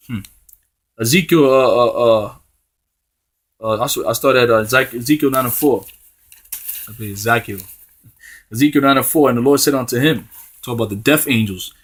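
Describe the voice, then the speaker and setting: Blunt, profane man preaching heatedly. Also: medium pitch. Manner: blunt and heated, tags "man" onto phrases; reads scripture slowly in old-style wording. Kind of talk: profane street-style sermon.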